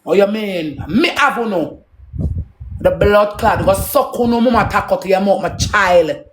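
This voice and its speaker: Jamaican woman ranting hot and preachy in heavy patois, profane, ordinary mid pitch. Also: expressive, measured pace, noisy background. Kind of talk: live rant to viewers.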